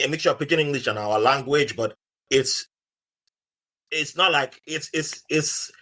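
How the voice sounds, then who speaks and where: A man from Nigeria with a Nigerian accent, a podcast guest telling a story and acting out the people in it. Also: fairly high pitch. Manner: animated, acts out the voices of people in his stories. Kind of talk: storytelling in casual podcast chat.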